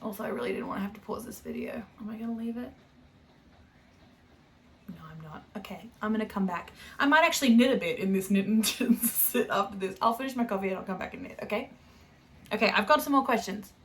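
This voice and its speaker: A woman's voice: mid-range voice, fast talker, a little hiss or hum. Young Australian woman, casual knit-and-chat host, chatty and self-correcting. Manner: chatty, rambling, self-correcting, laughs often. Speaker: knitting podcast host.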